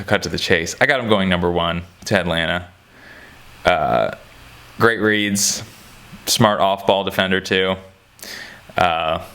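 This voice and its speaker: With a deep yet somewhat bright voice, this commentator rambles through relaxed basketball talk, cracking jokes, using many fillers and frequently starting over.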